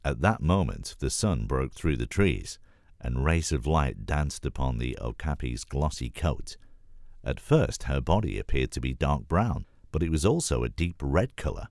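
A man reads a children's animal story aloud for an audiobook audition, telling it clearly and steadily. His voice is extremely deep. The recording is close to the mic and dry, with no room sound. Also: sing-song, a little slow, darkish tone, dry recording. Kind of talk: scripted storybook narration.

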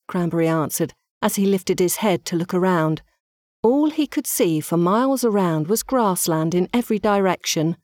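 A woman calmly reading a children's story aloud. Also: fairly low pitch, normal speed, no echo, clean studio sound.

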